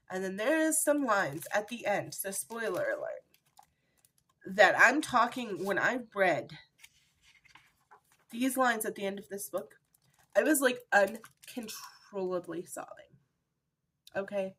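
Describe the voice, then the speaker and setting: A woman's voice: mid-range voice, big pitch swings, slow, pauses often, fairly bright tone, slightly rough. A woman reviewing a book in a chatty, emotional way, with many fillers, recorded at home. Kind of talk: casual book review vlog.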